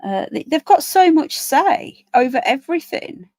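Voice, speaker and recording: Her voice sits high and sing-song at a measured pace, a little mellow, on a dry recording. As host of a casual live stream, she's sleepy and yawning, reading comments, chatting to viewers, and talking to her pets in between.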